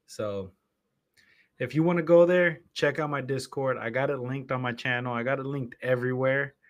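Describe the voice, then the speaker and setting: The audio is dull as a man with a medium-pitched voice talks at normal speed. He's a streamer and podcast host setting up his live show, chatting loosely, rambling between topics and interrupting himself.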